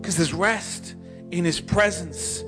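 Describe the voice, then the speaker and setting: A male preacher with a noticeably high voice delivers a sermon in a church. He builds phrases by repeating them, stumbles over restarts, and moves from loud urging to hushed, slow intimacy, while soft music plays faintly behind him.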